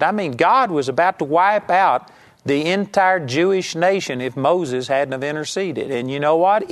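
A man giving a televised Bible teaching, emphatic and rising sharply when he voices quoted pleas. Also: a little high.

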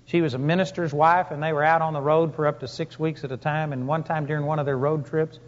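High-voiced emphatic preacher man. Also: little pitch movement, fast talker. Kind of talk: sermon. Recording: long hall reverb, dull lo-fi sound.

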